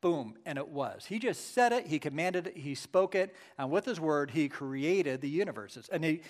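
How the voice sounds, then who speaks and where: Man, pastor, conversational sermon, slightly higher voice, slow scripture reading, asks the room questions. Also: expressive. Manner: conversational preaching with asides and rhetorical questions.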